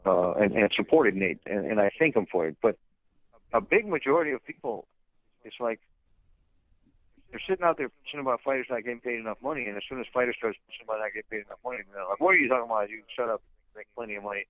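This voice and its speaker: A fighter's manager speaking bluntly in a phone interview, ranting with lots of fillers and restarts. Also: male voice, medium pitch, lively intonation, quick pace, dry recording. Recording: tinny phone line.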